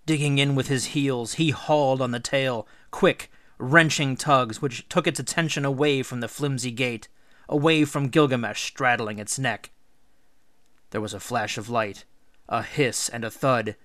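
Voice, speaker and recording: A teacher reading a storybook aloud in a measured, expressive way. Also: male voice, medium pitch, dry recording, clean studio sound. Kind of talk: read-aloud storybook narration.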